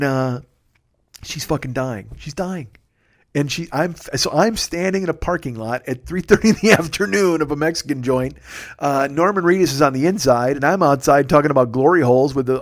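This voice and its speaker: A man in his forties hosts a comedy podcast. He tells a long story in a casual, rambling monologue. He swears freely and keeps cutting himself off to restart a thought. His voice sits at an ordinary middle pitch. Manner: profane, rambling, self-interrupting.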